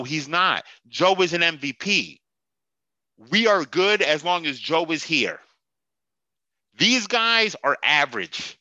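A man's voice: fairly high pitch, bright, forceful tone, no echo. Guy ranting on his sports pod, swears a lot, super sarcastic, very dry close sound. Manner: profane, sarcastic, mocking, laughs at himself. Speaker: podcast host. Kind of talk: heated sports podcast rant.

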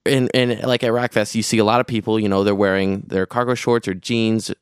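A man's voice: lowish voice, level tone, a little fast, clear, resonant tone, dry recording, studio quality. A young man co-hosting a podcast, chatting casually and rambling with many restarts and fillers. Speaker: podcast co-host recounting a festival trip. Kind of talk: casual chat.

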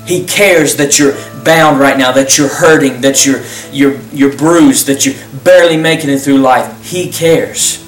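A man's voice: medium pitch, measured pace, hardly any pauses, faint music behind. A man who pastors and hosts the program, giving a fervent, repetitive closing altar call and leading a prayer. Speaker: pastor and host. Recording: roomy sound, distant mic.

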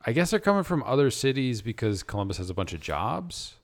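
A man's voice: mid-range voice, very animated, brisk. A man co-hosting a podcast in casual chat, speculating and trailing off into half-remembered facts. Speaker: podcast co-host.

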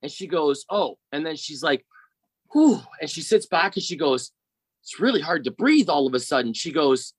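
A middle-aged man telling a personal story in casual conversation, animated and often repeating words as he starts a sentence. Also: fairly high pitch, normal speed, slightly rough, no echo, low-quality recording.

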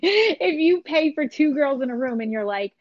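With lively intonation and a high pitch, this woman talks at a moderate pace over a dry, lo-fi recording. She's a guest chatting casually on a call, bluntly spinning stories full of "like" and "you know what I mean."

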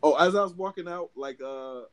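A young man co-hosting a podcast tells a long story in casual chat, his voice brisk and on the high side. He's animated and swears constantly, acting out both sides and every character's voice.

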